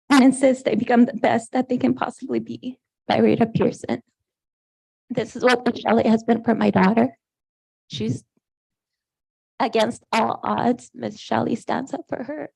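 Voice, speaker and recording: A woman's voice: fairly high pitch, gravelly, dark tone, slightly rough. A woman, a parent, giving an emotional public comment at a school board meeting, her voice breaking as she speaks.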